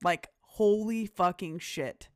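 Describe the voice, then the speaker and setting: A woman's voice: mid-range voice, slow pace, dry recording, studio quality. Young woman reacting with stunned swearing. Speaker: podcast co-host. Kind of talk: casual chat.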